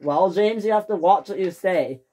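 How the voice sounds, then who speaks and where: A woman voicing a calm, patient older male engine in a toy train story, giving measured advice. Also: fairly low pitch, close to an everyday voice. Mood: advising.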